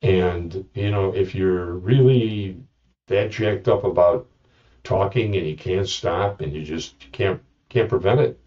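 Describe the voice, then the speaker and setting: A man's voice: sits low, takes it slowly, far from the mic, muffled recording. A man hosting a podcast, talking through listening tips in a rambling, joking monologue with many restarts. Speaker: podcast host. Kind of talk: casual monologue.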